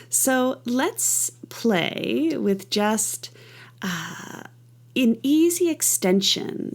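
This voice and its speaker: Middle-aged female dance teacher, unhurried and gravelly, counts beats, makes playful rhythm sounds. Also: medium pitch. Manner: enthusiastic, playful. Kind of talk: guided movement class.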